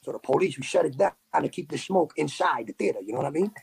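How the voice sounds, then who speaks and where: A man tells a story as a podcast guest. His voice sits a bit high and sounds gravelly and husky. He talks in animated street slang and drops in sound effects. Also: quick pace. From New York City. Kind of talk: casual storytelling.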